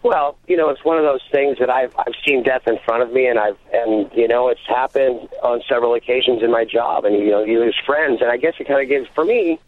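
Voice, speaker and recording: A man in his thirties chats easily as an interview guest, his words loose and full of "you know"s. He comes through a thin, tinny phone line with a middle-pitched voice. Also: brisk, hardly any pauses, a little hiss or hum. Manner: casual, relaxed, full of fillers. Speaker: guest, fishing deckhand.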